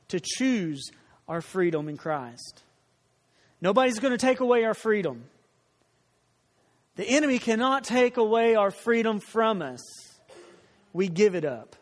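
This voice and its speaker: High-voiced preaching man in a reverberant hall. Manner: earnest, repeats phrases for emphasis, asks the congregation questions. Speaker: pastor. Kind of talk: sermon. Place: church.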